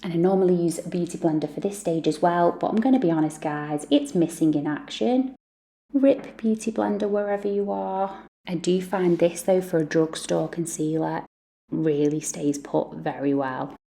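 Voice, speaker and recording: A woman chats through her everyday makeup routine like she's talking to a friend, poking fun at herself as she goes. Her voice sits low with a gravelly edge, and the tone is mellow and dark rather than bright. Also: normal speed. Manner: chatty and self-deprecating. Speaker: beauty vlogger, mum. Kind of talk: makeup tutorial chat.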